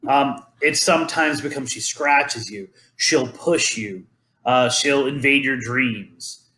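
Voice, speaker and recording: A man's voice: mid-range voice, slow, bright, forceful tone. A man hosting a podcast, chatting casually and rambling through legends with many ums and restarts. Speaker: podcast host. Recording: roomy echo.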